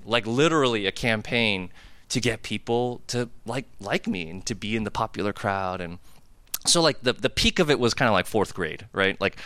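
A man's voice: fairly low pitch, pushed and bright, smooth, dry recording. A man in his thirties from the United States giving a casual personal sermon as a pastor, telling confessional stories in a conversational way full of "like" and "right?". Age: 30s. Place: hall with a cafeteria.

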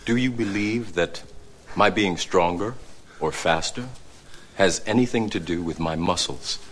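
An actor playing a calm, commanding male mentor in a film, speaking in a deep, measured way. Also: a little hiss or hum. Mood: calm, challenging. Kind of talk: film dialogue.

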